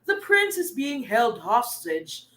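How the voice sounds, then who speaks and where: A woman doing a solemn storybook king, a father whose son is held captive. The delivery is slow and weighty, with a bright ring behind the lowered, manly tone and a lively rise and fall. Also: heavily acted, low-quality recording. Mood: grave. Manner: slow, grave proclamation.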